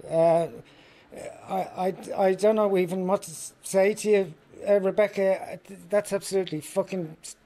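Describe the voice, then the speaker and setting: Hesitant Irish man, mellow voice. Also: sits high, fairly even intonation, moderate pace. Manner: hesitant, stammering. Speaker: host. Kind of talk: casual phone chat.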